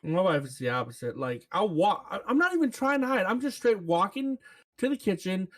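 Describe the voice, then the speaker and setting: Brief: male co-host, high and very animated, playful teaser. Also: a little fast, a little hiss or hum. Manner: animated storyteller, playful teasing. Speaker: podcast co-host. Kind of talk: casual banter.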